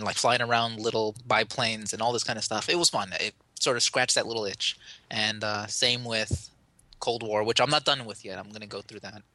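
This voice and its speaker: Bright, rambling man on a podcast. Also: medium pitch, dry recording. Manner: rambling, self-correcting, enthusiastic. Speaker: podcast co-host. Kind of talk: casual chat about games.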